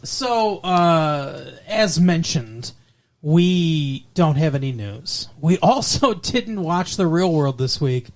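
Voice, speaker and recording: A man co-hosting a movie podcast in casual chat, joking, laughing often and slipping into quick impressions. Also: a little high, expressive, slight background noise. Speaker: podcast co-host.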